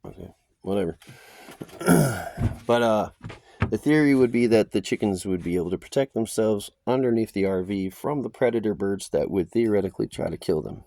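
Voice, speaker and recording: Low-voiced man rambling in a dry recording. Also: animated, moderate pace, gravelly, warm tone, dry recording. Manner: loose, chatty, many fillers and asides. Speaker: vlogger. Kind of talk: casual rambling vlog. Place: outdoors by an RV in the high desert.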